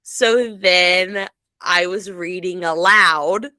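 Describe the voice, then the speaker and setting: A woman's voice: lowish voice, very slow, bright, forceful tone, no room sound. A woman co-hosting a podcast, telling a story in casual chat with bursts of laughter. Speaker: podcast co-host.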